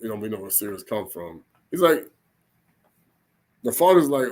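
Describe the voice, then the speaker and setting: Guy preaching off the cuff, kinda high voice, rambles, keeps restarting and saying okay. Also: expressive, normal speed, long pauses, darkish tone. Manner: rambling, colloquial, frequent restarts and "okay?" checks. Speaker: religious teacher. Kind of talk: informal spoken sermon.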